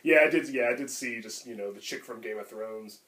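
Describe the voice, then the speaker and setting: A podcast co-host with a medium-pitched, slightly bright voice talks briskly about films. His casual, enthusiastic chat rambles along with lots of fillers.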